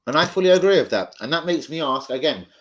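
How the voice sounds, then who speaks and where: A man's voice: a little high, expressive, fast. A man hosting a live stream, debating football bluntly, swearing freely and arguing with his chat.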